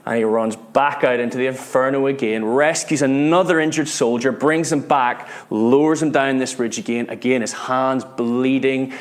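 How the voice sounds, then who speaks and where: A British preacher in mid-sermon, speaking at a middle pitch for a man. He tells his story with earnest feeling, stumbling and repeating words, then sinking to a hush when the moment grows heavy. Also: fairly even intonation, normal speed, few pauses. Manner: earnest, repeats words, drops to hushed tones at dramatic moments.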